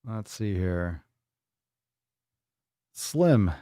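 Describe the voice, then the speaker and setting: Blunt, rambling livestream host, low voice. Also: male voice, big pitch swings, slow pace, pauses often, a little mellow, no echo, clean studio sound. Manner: blunt, rambling, swears freely. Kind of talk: casual livestream monologue.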